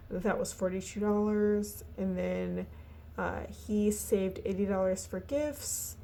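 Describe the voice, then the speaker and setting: A woman walking through her family budget in a casual, halting way, tired and yawning, with lots of fillers. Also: medium pitch, warm tone. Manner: chatty, halting, many fillers and restarts. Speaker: budgeting vlogger.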